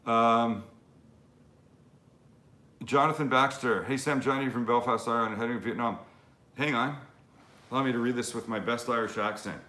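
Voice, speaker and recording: A man's voice: medium pitch, moderate pace, long pauses, pushed and bright. Man, cooking host, loose rambling chat, swears casually, roomy kitchen echo. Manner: rambling, casual, swears freely, many fillers. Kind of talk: casual live-stream Q&A. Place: home kitchen.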